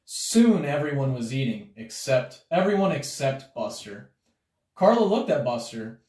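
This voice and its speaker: A man reading a children's picture book aloud in a lively, expressive way. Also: medium pitch, unhurried. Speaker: storybook reader. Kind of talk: read-aloud children's story. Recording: roomy sound from a distance.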